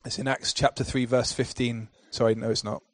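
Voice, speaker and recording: A male pastor delivering a sermon in a rhythmic, repetitive cadence that builds to forceful declarations. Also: medium pitch, flat delivery, fairly quick, no echo.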